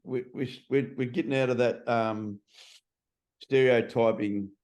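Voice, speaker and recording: A man's voice: mid-range voice, steady tone, a little slow, darkish tone. A middle-aged man in a casual interview. He is a transformation coach who talks bluntly and swears freely.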